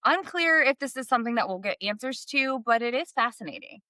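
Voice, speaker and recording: Bright-voiced woman podcast co-host. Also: a little high, animated, brisk, no room sound. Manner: reads book passages aloud, laughs often. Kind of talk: casual book discussion chat.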